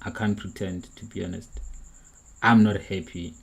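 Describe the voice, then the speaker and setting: A man's voice: low voice, steady tone, moderate pace, vocal fry, husky, rough recording. A young man hosting a football reaction stream, earnest and frustrated, repeating his points. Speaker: livestream host.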